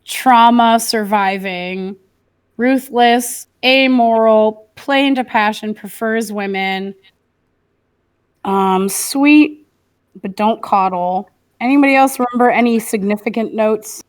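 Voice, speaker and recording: A woman with a fairly high voice talks through a tabletop game with friends. She is animated and laughs often as she plays her character. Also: slow. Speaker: player. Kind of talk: tabletop role-play chat.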